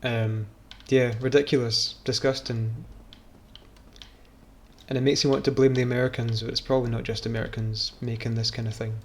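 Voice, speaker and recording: A man's voice: medium pitch, flat delivery, normal speed. A man streaming a game, rambling and joking in casual, self-mocking commentary. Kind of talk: casual commentary while gaming.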